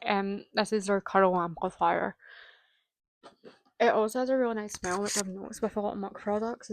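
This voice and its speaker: A woman's voice: mid-range voice, rough recording. A young woman, a hairdressing student chatting casually and laughing as she goes, with the odd swear. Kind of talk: casual vlog chat.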